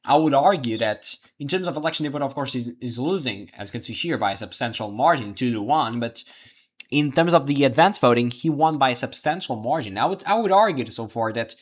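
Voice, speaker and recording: A man's voice: mid-range voice, animated. Man thinking aloud over live results. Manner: thinking aloud, halting with restarts. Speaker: livestream host. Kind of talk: live election results commentary.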